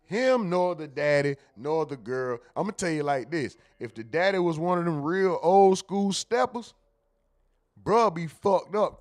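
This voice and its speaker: A man's voice: on the high side, lively intonation, measured pace, darkish tone. A man hosting a show, casually commenting on viral clips, often laughing and mimicking what he hears. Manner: laughing, joking, mimics clip lines. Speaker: show host reacting to clips.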